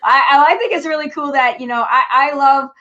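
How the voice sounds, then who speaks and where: Boston woman hosting a podcast, quick, chatty, slightly high, dull lo-fi sound. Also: bright, forceful tone. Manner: chatty, many fillers, friendly. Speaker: podcast host. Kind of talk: casual chat and solo talk.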